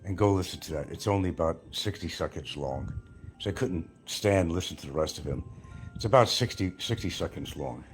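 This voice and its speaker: A man's voice: low voice, expressive, fairly quick, faint music behind. A man hosting a livestream, rambling in a brash, taunting, trash-talking way. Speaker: livestream host.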